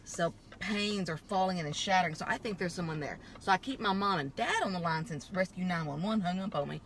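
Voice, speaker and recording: A woman telling a dramatic personal story in a lively way while driving, laughing often and acting out the voices of other people. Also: fairly low pitch, brisk, a little hiss or hum. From Texas. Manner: animated, laughs often, acts out voices in quotes. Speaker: vlogger. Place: in a car.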